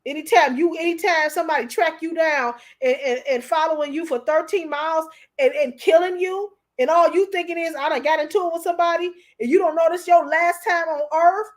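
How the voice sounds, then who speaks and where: Emotional, preachy high-voiced woman. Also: a little fast, hardly any pauses. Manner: preachy, repeats herself, calls listeners honey. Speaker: commentator. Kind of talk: emotional commentary.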